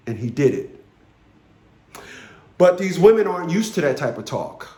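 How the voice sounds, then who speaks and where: A man's voice: fairly high pitch, big pitch swings, normal speed, a little mellow, roomy sound. Blunt, profane man in his fifties. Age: 50s. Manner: blunt, profane, commanding, repeats phrases for emphasis. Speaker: vlogger. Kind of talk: storytelling rant to camera.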